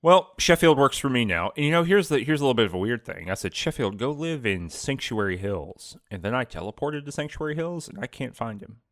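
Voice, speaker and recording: A man's voice: medium pitch, big pitch swings, fast talker, hardly any pauses, no echo, studio quality. A man co-hosting a podcast, chatting casually about a video game in a rambling, playful way. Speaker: podcast co-host. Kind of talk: casual gaming chat.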